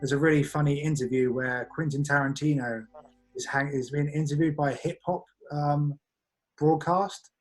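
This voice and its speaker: A man's voice: fairly high pitch, steady tone, normal speed. A young man in his twenties, a magician guest on a podcast, chatting casually with lots of "like" fillers. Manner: rambling, many "like" fillers, laughs easily.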